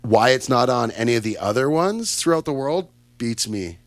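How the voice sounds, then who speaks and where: A man's voice: medium pitch, sing-song, moderate pace. A Canadian man hosting a casual radio chat show, upbeat and chatty with lots of fillers and asides. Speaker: radio host. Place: radio studio.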